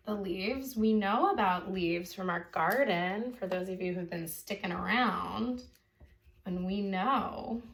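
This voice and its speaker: A woman's voice: mid-range voice, a bit bright. A young adult woman art teacher giving a chatty, encouraging online drawing lesson for kids, easily sidetracked as she draws.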